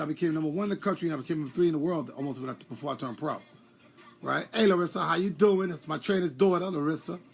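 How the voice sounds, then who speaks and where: A middle-aged man talks casually and at length on a live stream, as a former boxer would, greeting viewers by name along the way. His voice is gravelly and sits a little high for a man. Faint music plays behind him. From New York.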